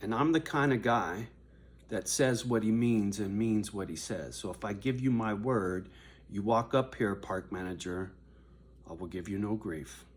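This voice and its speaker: Profane older man ranting to camera. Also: measured pace. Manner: confrontational, profane, swings from low muttering to raised shouting. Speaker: vlogger addressing his viewers. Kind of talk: angry direct-to-camera rant.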